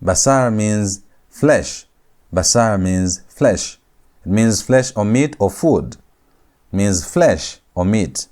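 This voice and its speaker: A man teaching a Hebrew grammar lecture, repeating each phrase slowly and stressing key words for his students. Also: fairly low pitch, expressive, darkish tone. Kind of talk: recorded classroom lecture.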